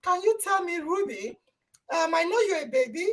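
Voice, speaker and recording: A very high-pitched woman hosts a live online talk show over a video call. Her voice leaps up and down as she exclaims, cheers and praises her listeners loudly. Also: animated, normal speed. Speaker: podcast host.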